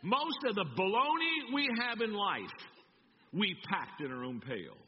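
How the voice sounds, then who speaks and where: A pastor preaching a sermon, telling stories and acting them out. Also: male voice, sits high, a little slow, slight background noise. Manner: animated storytelling, acting out voices. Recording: echoey church hall, dull sound.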